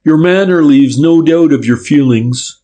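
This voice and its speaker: A man's voice: on the high side, mellow, voice pushed up, close to an everyday voice. Man putting on a courteous detective inspector. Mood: polite pressing. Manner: polite, pressing, measured. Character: courteous firm middle-aged male detective inspector.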